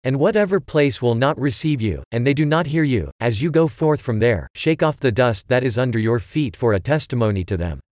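A man reading the lines of a calm male teacher giving plain, steady instructions in a scripture reading. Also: medium pitch, brisk, hardly any pauses, dry recording, studio quality, natural voice.

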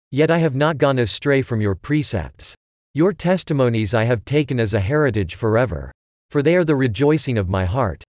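Male scripture reader, varied intonation, dry close sound, measured recitation. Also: medium pitch, darkish tone, dry recording.

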